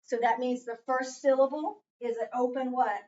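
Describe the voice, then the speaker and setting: A woman's voice: sits high, fairly even intonation, normal speed, darkish tone. A woman tutoring a child in phonics, patiently asking prompting questions one-on-one. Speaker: reading tutor. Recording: distant, dull lo-fi sound.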